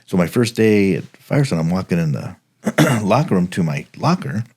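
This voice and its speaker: A man's voice: sits low, moderate pace, slightly rough. A middle-aged man from the Los Angeles area, a retired homicide detective, telling rambling stories in casual podcast chat. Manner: relaxed, rambling anecdotes with many fillers.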